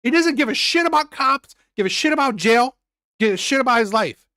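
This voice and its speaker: A blunt male reaction host who talks in emphatic bursts and keeps repeating himself. His pitch swings widely between points. The sound is close and dry, with no room in it. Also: expressive, a little fast, sharp tone, no echo. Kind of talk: reaction commentary.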